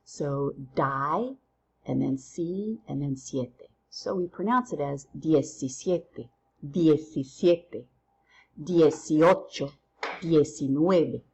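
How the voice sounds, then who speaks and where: A woman teaching a recorded lesson through counting drills, playful and quick to use silly memory tricks. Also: low voice, expressive, gravelly, darkish tone, breathy edge. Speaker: Spanish teacher.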